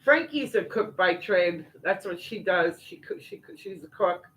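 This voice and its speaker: A woman's voice: lowish voice, expressive, normal speed, a bit bright, slight background noise, low-quality recording. An older woman, chatting casually as the host of a livestream, folksy and full of fillers and asides. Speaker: livestream host reading viewer comments. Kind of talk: casual chat.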